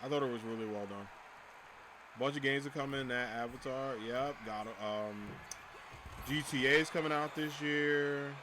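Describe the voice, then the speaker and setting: A man's voice: medium pitch, normal speed, noisy background. A man chatting casually on a livestream, ranting animatedly, swearing and laughing often.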